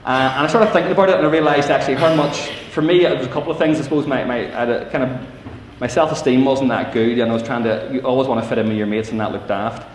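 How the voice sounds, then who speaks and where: A man's voice: mid-range voice, fairly even intonation, quick pace, hardly any pauses, a little hiss or hum. A middle-aged Northern Irish man telling funny stories to teenagers, acting out voices and asides. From Northern Ireland. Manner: storytelling with acted-out voices and asides. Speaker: youth speaker. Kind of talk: humorous talk to teenagers. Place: large civic hall. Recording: echoey hall from far off.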